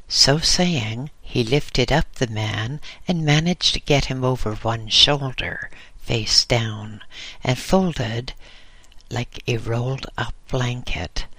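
Slow deliberate guy reading a book aloud, bright tone, dry close mic. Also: mid-range voice, gravelly, dry recording. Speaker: audiobook reader. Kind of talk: audiobook narration.

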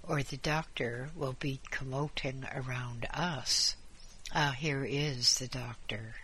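A man's voice: medium pitch, fairly even intonation, slow pace, sharp tone, slight background noise. A man reading aloud, voicing a blunt, sarcastic female nurse. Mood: irritated.

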